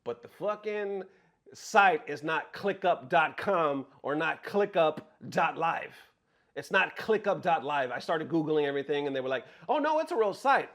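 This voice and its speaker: A man's voice: on the high side, a little slow. A man, a content creator, telling a story to camera from his bedroom in a casual, profane and exasperated way. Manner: animated, profane, exasperated retelling.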